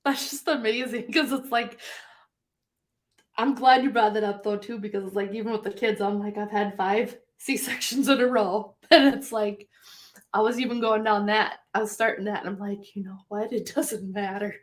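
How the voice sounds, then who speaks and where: A woman hosting a video-call interview, bubbly and quick to laugh, with lots of "like" in her talk. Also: mid-range voice, steady tone. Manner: bubbly, laughs often, says "like" a lot. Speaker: podcast host. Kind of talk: casual interview chat.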